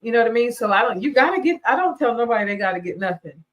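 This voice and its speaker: A woman hosting a talk show, chatting casually in a lively, colloquial way with an animated manner. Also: fairly high pitch, very fast, muffled recording. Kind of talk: casual chat.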